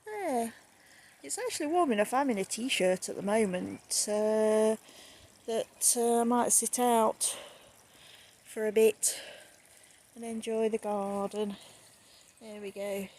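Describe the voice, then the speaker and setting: Woman with a Nottingham accent, higher voice, unhurried, relaxed chatty garden stream. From England. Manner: relaxed, chatty, drifting from one remark to the next. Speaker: live-streamer. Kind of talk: casual live-stream chat. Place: home garden outdoors in the evening. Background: faint outdoor ambience, water.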